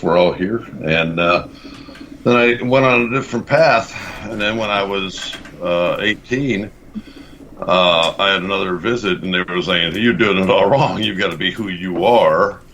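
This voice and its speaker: A man with a very deep voice speaking earnestly about spiritual matters in a roundtable discussion, often pausing and starting over. The sound is dull and lo-fi, with a faint hiss underneath. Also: fairly bright tone. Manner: earnest and spiritual, with halting restarts. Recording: muffled lo-fi audio with faint hiss.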